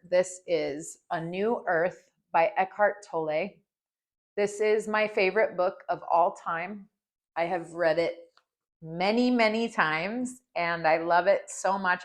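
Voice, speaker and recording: A woman in her forties hosts a reflective personal podcast. Her voice sits a little low, and she talks slowly and earnestly. She shares her thoughts with a heartfelt openness. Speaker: podcast host.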